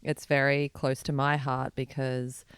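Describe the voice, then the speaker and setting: A woman's voice: extremely low pitch, little pitch movement, unhurried, smooth, dry recording. An Australian woman in her thirties, a podcast guest who speaks earnestly and frankly at length. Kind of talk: candid interview conversation.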